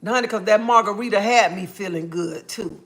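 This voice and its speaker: A woman's voice: medium pitch, moderate pace, a bit bright. A woman ranting casually on a live stream, blunt and sassy, calling viewers honey and baby and tagging her points with "okay?". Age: adult, a mother. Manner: repeats "okay?" after points. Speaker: livestreamer.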